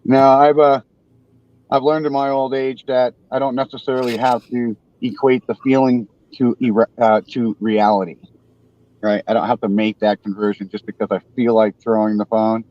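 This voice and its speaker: A man in his forties hosting a casual live panel, talking haltingly and poking fun at himself. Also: medium pitch, level tone, muffled recording. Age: 40s. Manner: halting, self-deprecating, restarts often. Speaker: show host.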